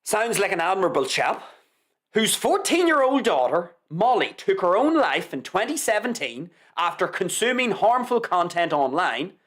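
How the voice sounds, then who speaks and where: A man's voice: high-pitched, a bit bright. A man hosting a live show, reading a news article aloud with sarcastic, mock-reverent commentary and repeating lines for effect. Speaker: host.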